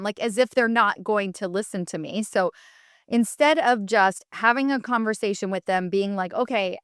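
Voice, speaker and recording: Smooth-voiced woman hosting a chatty podcast. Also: on the high side, a bit bright, no echo, studio quality. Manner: candid, chatty storytelling with self-quotes; coaching, advice-giving. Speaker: podcast host. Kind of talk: solo podcast monologue.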